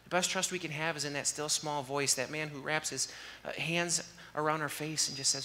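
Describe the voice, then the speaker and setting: Male pastor, earnest conversational sermon style, bright edge, long hall reverb with faint room noise. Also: fairly high pitch, fairly even intonation. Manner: earnest, conversational preaching, dropping to soft, slow prayer. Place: church sanctuary.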